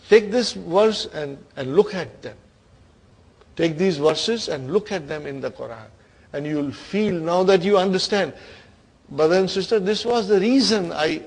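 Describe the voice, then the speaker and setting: A man with a South Asian English accent teaching a lesson on Quranic grammar, his voice sitting a touch higher than usual. He recites verses briskly and then slows down to explain. He keeps checking in with his class as he goes. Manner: engaging, keeps asking "huh?" and "are you with me, brothers and sisters?". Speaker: Arabic teacher.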